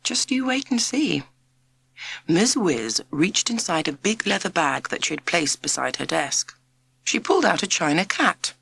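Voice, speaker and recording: A woman narrates a children's storybook with an expressive, measured delivery. Her voice sits fairly low with a gravelly texture, yet moves widely in pitch. The recording is dry and close, with no room sound. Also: dry recording. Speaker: audiobook narrator.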